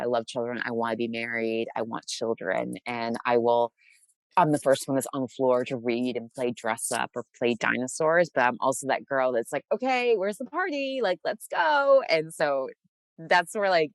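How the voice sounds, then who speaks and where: A woman from Massachusetts with a faint local accent, chatting as the guest in an interview, bubbly and quick to laugh, with many restarts. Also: very deep voice, steady tone, no room sound. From Massachusetts, USA. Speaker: author guest. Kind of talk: casual interview chat.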